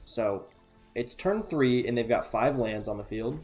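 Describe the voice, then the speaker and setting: A man giving relaxed, chatty play-by-play of a card game, thinking aloud and muttering asides to himself. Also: medium pitch, unhurried, faint music behind. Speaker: gameplay commentator.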